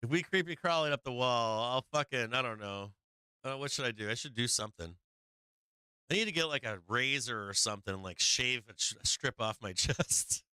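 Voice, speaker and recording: A man hosting a live stock market stream, chatting casually with profanity, frequent laughter and sudden animated bursts. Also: mid-range voice, normal speed, smooth, no room sound. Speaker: stock market livestream host. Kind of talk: casual live trading commentary.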